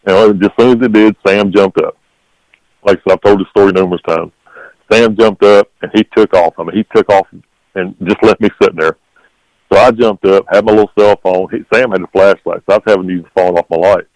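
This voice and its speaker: A man's voice: deep voice, fairly even intonation, brisk, a little mellow, no echo, poor audio. A man, a guest telling his encounter story in a rambling, repetitive way. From North Carolina. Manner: rambling, repeats "literally" and "okay?".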